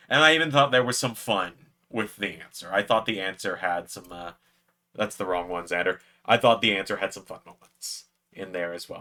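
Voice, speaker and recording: A man chatting casually to camera, telling a personal story in an excitable way with plenty of fillers. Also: on the low side. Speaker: YouTube creator.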